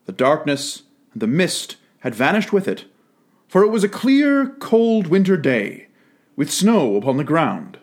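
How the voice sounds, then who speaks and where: Expressive male storybook narrator. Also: fairly high pitch, a little slow. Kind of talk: storybook reading.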